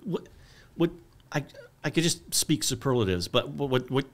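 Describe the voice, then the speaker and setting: A man's voice: medium pitch, animated, normal speed. A middle-aged man as a filmmaker guest, talking casually and searching for words with many restarts. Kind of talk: casual conversation.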